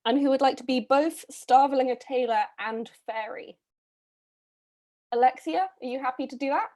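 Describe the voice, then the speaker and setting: Woman host, slightly high voice, brisk and chatty on a video call. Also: a little mellow. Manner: chatty, brisk, with frequent ums and little laughs. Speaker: read-a-thon host casting readers. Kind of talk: casual live-stream casting call.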